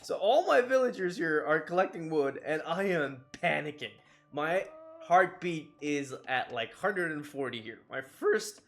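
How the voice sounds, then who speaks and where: A man's voice: on the high side, fairly bright tone. A man giving casual commentary over his own strategy game match, laughing often and mocking his own mistakes as he rambles along. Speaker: gaming YouTuber.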